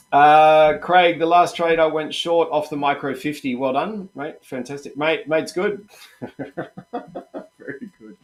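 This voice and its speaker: A middle-aged Australian man hosting a live trading stream, chatty and encouraging, calling viewers "mate" and "guys". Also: fairly high pitch. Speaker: live trading room host.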